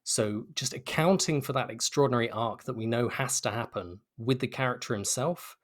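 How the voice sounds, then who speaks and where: A man's voice: medium pitch, moderate pace. A British man, a game developer, answering interview questions in an enthusiastic, articulate way with frequent restarts. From Britain.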